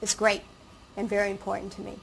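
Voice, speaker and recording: A woman in her late fifties, a surgery patient, talking casually in an interview with halting restarts. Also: mid-range voice, completely flat delivery, creaky, a bit bright, a little hiss or hum, low-quality recording. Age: late 50s. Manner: conversational, hesitant restarts and fillers.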